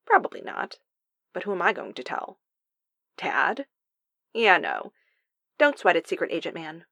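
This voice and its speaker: A woman voicing a brash, irreverent young woman who talks in slang and quick retorts. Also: lowish voice, wildly swooping pitch, fairly bright tone, no room sound, studio quality, exaggerated voice. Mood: breezy.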